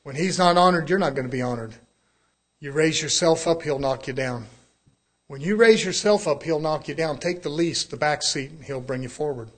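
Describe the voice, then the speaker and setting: A male preacher delivers a church sermon in a folksy, emphatic style, chuckling at times and dropping to a low hush.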